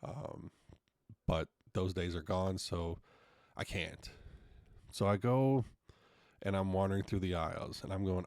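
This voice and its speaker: Deep-voiced man telling stories, frank and profane. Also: unhurried, gravelly, pauses often, a little mellow, dry recording, clean studio sound. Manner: frank, profane, acts out quotes in retelling. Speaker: podcast host. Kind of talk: casual solo storytelling.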